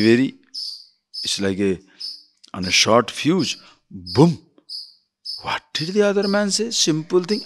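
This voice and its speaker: A man giving a spiritual discourse as a teacher, telling stories and acting out quarrels. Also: mid-range voice. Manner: animated storytelling, acts out quarrels.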